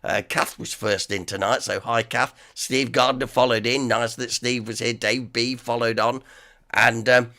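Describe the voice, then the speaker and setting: A man with an East Midlands accent hosting a casual live stream, hoarse from a sore dry throat, rambling and greeting viewers one by one. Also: mid-range voice, steady tone, a little slow, pushed and bright. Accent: East Midlands English.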